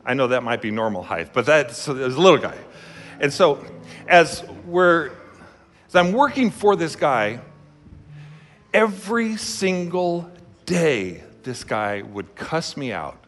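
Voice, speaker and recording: A man's voice: fairly high pitch, big pitch swings, slow, a bit bright. A man preaching a sermon as a pastor, telling a personal story in a conversational, emphatic way. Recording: long hall reverb with faint music.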